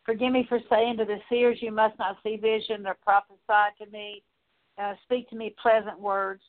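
A woman leading a spoken prayer of repentance, earnest and steady, working through a long list with frequent small fillers. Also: medium pitch, moderate pace. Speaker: prayer minister. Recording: tinny phone-like line.

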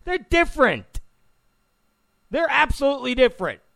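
A man's voice: extremely high pitch, very animated, normal speed, gravelly, sharp tone. A man hosting a political talk show, giving an opinionated monologue, emphatic, repeating phrases and stammering on restarts.

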